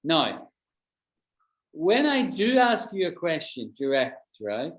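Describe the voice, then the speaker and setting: A man's voice: a little high, huge pitch swings, slow pace, fairly bright tone, reverberant. Chatty British man teaching English. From Britain. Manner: chatty, explains with examples and checks understanding. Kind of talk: online English lesson with students.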